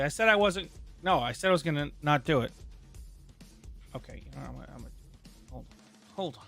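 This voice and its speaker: A male live streamer talking into his desk mic, his voice sitting a little high for a man. He rambles along in casual chat, throwing in jokey asides to his viewers, while faint music plays underneath. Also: expressive, fast talker, vocal fry, pauses often, a bit bright.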